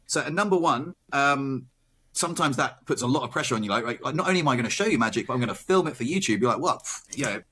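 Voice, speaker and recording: A man hosting a relaxed chat about magic, talking fast in a bright, forceful voice. He is chatty and playful and slips into quick impressions of other people. His pitch is average for a man. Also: slightly rough. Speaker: host. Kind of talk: casual conversation.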